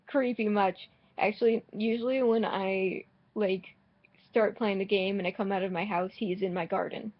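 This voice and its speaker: A woman rambles through casual commentary on her game, dry and sarcastic, with blunt swearing and frequent false starts. She talks at an unhurried pace. The recording is a little dull and lo-fi, like a cheap home microphone. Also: a little high. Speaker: gaming vlogger.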